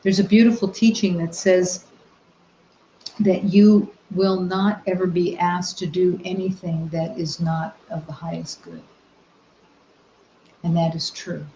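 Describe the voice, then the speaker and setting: A woman spiritual teacher giving a meditative talk, soft-spoken and gentle, with long reflective pauses. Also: lowish voice, level tone, slight background noise. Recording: roomy, slightly dull recording.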